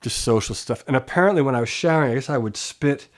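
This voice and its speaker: A middle-aged man from Pennsylvania spins loose, animated anecdotes in a relaxed sit-down interview. His voice sits in an ordinary middle range, and he swears casually and laughs along with his own stories. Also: mid-range voice, quick pace. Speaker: guest musician. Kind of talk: relaxed storytelling.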